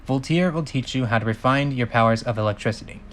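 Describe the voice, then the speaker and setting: A man voicing a wise elder male dragon mentor in a calm, steady voice close to his own. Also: mid-range voice, quick pace, close to an everyday voice.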